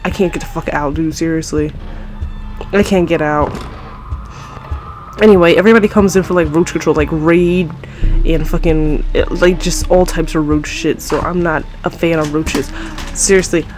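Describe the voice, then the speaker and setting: Panicky, swearing woman gamer yelling in fright. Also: low-pitched, steady tone, normal speed, faint music behind, low-quality recording. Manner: panicky, swears constantly, yelps and shouts in fright. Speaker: gamer playing a horror game. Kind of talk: let's play commentary. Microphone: own desk mic, moved back to avoid clipping.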